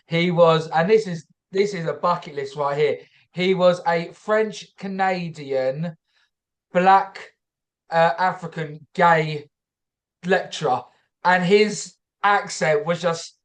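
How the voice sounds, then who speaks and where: A male podcast host with a notably high voice for a man. He chats casually with a guest over a video call. He speaks with effusive enthusiasm. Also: measured pace. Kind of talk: casual interview chat.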